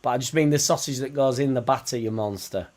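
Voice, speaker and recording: A man with a Yorkshire accent hosts a live watchalong stream and reacts to the match as it plays. His voice sits at an ordinary middle pitch. He chats casually with his viewers, with plenty of swearing and banter. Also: quick pace, darkish tone. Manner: blunt, swearing, chatty banter. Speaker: livestream host.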